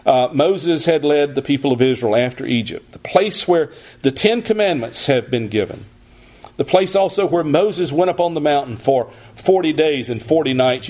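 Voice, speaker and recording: In a slightly mellow, husky, and breathy voice at mid pitch, a man works through an expository sermon. His delivery is measured, with frequent returns to restart what he was saying.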